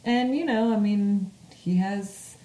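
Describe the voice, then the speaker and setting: A woman's voice: medium pitch, slow pace, dark tone, roomy sound, rough recording. A woman co-hosting a podcast, chatting casually and joking as she recaps a reality show. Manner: chatty, joking, with filler restarts. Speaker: podcast co-host.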